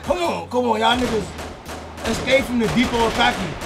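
A man commentating a shooting game, trash-talking loudly with profane outbursts, his voice hoarse from yelling. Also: very high voice, normal speed. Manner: loud, profane trash talk with yelled outbursts. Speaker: gaming YouTuber. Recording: game music and gunfire underneath. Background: game gunfire and music.

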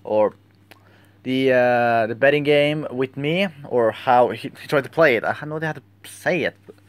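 Young man, rambling and halting. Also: medium pitch, clean tone, dry recording. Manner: rambling and halting, searching for words. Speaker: vlogger. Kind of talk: casual storytelling vlog.

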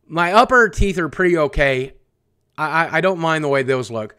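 Casting: male streamer, voice sits a bit high, loose and rambling, blunt and profane, fields chat questions live. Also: expressive, normal speed, sharp tone, clean tone. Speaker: livestream host. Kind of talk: casual livestream chat.

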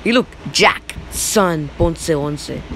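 A young male YouTuber in his teens giving rambling, excitable reaction commentary over old photos. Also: on the high side, slow pace, a little hiss or hum, poor audio. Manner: rambling, excitable, repeats "look".

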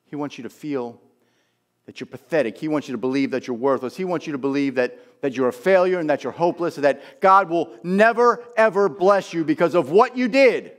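A man preaching a sermon as pastor, telling a Bible story with emphatic, animated delivery. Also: on the high side, fairly quick.

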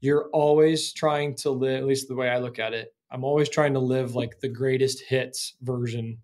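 A man's voice: mid-range voice, fairly even intonation, normal speed, a little mellow. A man from the Kansas City area co-hosting a casual podcast, talking reflectively in long metaphors. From Kansas City area, United States. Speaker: podcast co-host. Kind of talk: casual chat.

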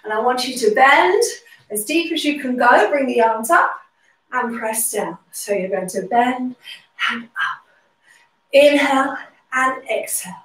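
A woman instructor guides a workout, cueing each move and counting reps at an unhurried pace, slightly out of breath. Her voice sits high. It sounds roomy and a little distant from the mic. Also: animated, fairly bright tone. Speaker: pilates instructor.

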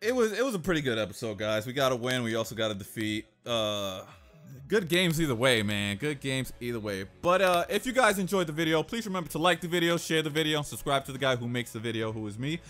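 A young man hosting his gaming channel, trash-talking and yelling at a soccer video game in casual commentary. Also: mid-range voice, expressive, quick pace, faint music behind.

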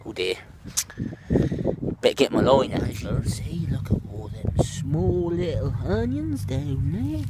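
A man with a Norfolk accent giving an excited, loud running commentary outdoors in a farm field. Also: medium pitch, unhurried. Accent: Norfolk English. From Norfolk, England. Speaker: farmer presenting a video. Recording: loud tractor noise outdoors.

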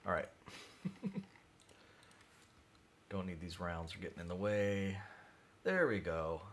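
A man livestreaming his CAD design work, thinking aloud in a mumbly way that drifts quieter as he concentrates. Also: low-pitched, fairly even intonation, moderate pace, slight background noise.

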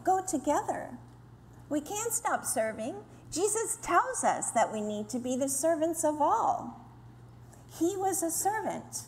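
Speaking to a women's gathering, a high-voiced woman preaches an earnest, teaching sermon, now and then acting out complaints in lively voices. She is a women's ministry speaker, and the roomy hall carries faint ambience along with a slight hiss or hum.

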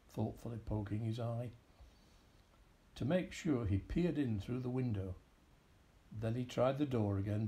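Gravelly man reading a children's story. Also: fairly low pitch. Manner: expressive, animated storytelling. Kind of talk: children's story read aloud.

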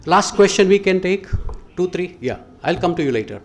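A man with an Indian accent speaks to a hall audience in a motivational lecture. He tells stories and fires questions at the listeners, in a voice that sits a little high for a man. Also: expressive, normal speed. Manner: storytelling, questions the audience directly. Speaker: guest speaker.

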